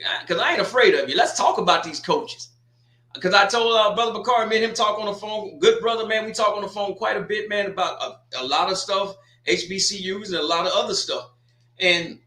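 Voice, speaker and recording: A man hosts a casual sports talk livestream, joking and trash-talking between restarts and asides. His voice sits high and sounds bright. The room around him is noticeably echoey.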